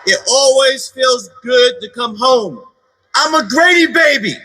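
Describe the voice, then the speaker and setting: A man's voice: very high voice, animated, a little slow. Proud man in his sixties, noisy rally audio. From Atlanta, Georgia. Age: 60s. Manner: proud, upbeat greeting. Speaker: rally speaker.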